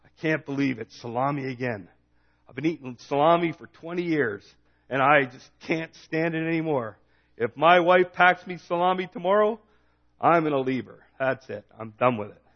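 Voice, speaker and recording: Man doing a grumbling fed-up male worker, joke figure, higher voice, dull lo-fi sound. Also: animated, moderate pace. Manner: grumbling complaint. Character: Italian worker fed up with his lunch, male.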